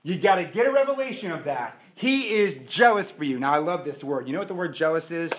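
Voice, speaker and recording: A male pastor preaches an emphatic sermon, using dramatic pauses and swinging between loud and soft. His voice is fairly high and animated, and the room is echoey.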